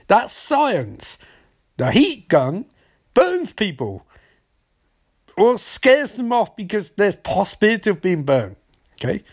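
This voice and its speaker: A man doing a shrill, exasperated scientist. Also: heavily acted. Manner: incredulous, lecturing rants.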